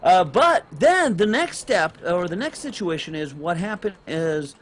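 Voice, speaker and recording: Animated middle-aged man telling a story. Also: high-pitched, a little slow. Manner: animated, rambling with restarts, rises loud on emphasis. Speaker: podcast co-host and parent. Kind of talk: casual podcast storytelling.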